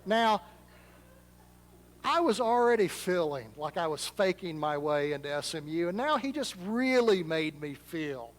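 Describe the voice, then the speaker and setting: A man delivers a sermon from a church sanctuary, his voice sitting a little high for a man. Long reverb from the large hall trails behind each phrase. He preaches in a chatty, self-deprecating way. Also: lively intonation, unhurried. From Arkansas, US. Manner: conversational, self-deprecating storytelling. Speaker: pastor.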